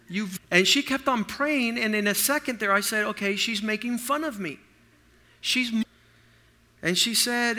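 A middle-aged man preaches by telling stories, his fairly high voice very bright and forceful. He swings between sudden loud outbursts and quiet, hushed asides as he acts out the people in his tales. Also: lively intonation, moderate pace. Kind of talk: sermon storytelling.

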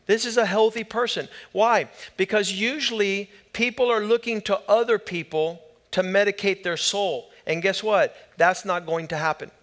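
High-pitched guy preaching, emphatic pastor cadence going up and down. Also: fairly even intonation, normal speed, hardly any pauses, a bit bright. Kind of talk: sermon.

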